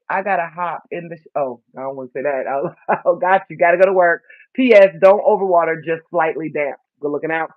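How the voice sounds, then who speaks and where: A high-voiced vlogger gets his first garden seeds ready, chatting in a relaxed, self-mocking way and tripping over words as he reads the packets aloud. The audio is tinny like a phone line, very dry, with no room sound.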